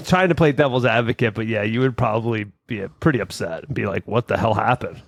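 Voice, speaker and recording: Guy on a podcast cracking jokes, gravelly and bouncy voice, dry mic. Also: medium pitch, fast, no echo. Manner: joking, skeptical interjections. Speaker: podcast co-host. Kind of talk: casual podcast banter.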